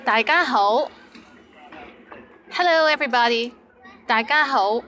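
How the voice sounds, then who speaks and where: A woman's voice: on the high side, measured pace, sharp tone, a little hiss or hum, low-quality recording. A woman teaching Cantonese words, saying each word twice and then giving example sentences. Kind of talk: language lesson.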